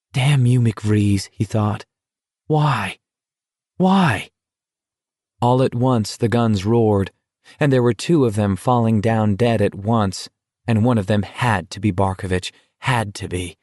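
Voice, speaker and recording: Male audiobook narrator, slow pace, tense measured reading, dry close recording. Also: fairly low pitch, dark tone, no echo. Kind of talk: scripted narration.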